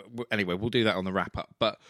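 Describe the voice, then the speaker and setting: A man's voice: fairly low pitch, steady tone, racing, a bit bright, dry recording, clean studio sound. A man co-hosting a casual film podcast, rambling and teasing, swearing freely as he talks through his thoughts. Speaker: podcast co-host.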